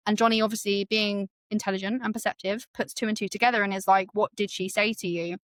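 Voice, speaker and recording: A woman's voice: mid-range voice, steady tone, fast talker, dry recording. A woman hosting a book podcast, retelling the story in casual chat and acting out the quotes with many fillers.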